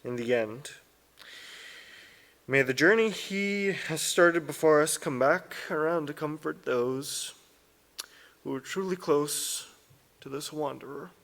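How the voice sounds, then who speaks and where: A man speaking at a memorial, reading a short tribute haltingly, with sighs and restarts. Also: on the high side, fairly bright tone.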